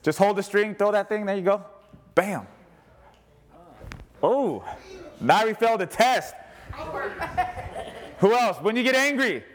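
Unhurried and high-pitched, with long pauses, a man directs an interactive part of a sermon. He's playful and animated, calling out to the people gathered.

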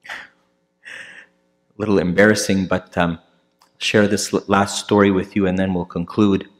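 A man, a priest, telling a story in a sermon, conversational, with many fillers and restarts, acting out the people he quotes in louder, higher voices. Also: little pitch movement, unhurried.

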